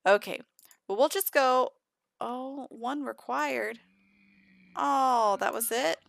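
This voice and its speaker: A woman giving casual let's-play commentary, chatting about her sims and voicing their conversations in quick asides. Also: sits high, gravelly. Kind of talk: casual gameplay commentary with voiced character dialogue.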